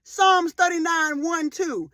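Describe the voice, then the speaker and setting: High-voiced impassioned woman speaker. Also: slow pace, no room sound. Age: 40s. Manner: impassioned and emphatic, repeating phrases for effect; rises to loud emotional outbursts. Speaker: motivational speaker. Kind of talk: faith-based motivational talk.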